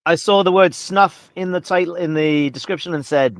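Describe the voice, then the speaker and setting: A man's voice: a little high, moderate pace, a little hiss or hum. A man chatting casually on a podcast, sharing trivia with enthusiasm. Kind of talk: casual chat.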